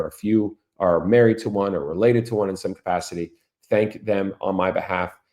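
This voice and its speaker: Middle-aged guy hosting a podcast, lowish voice, chatty, keeps asking the listeners questions. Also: warm tone. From Orlando, Florida. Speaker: podcast host. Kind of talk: casual monologue.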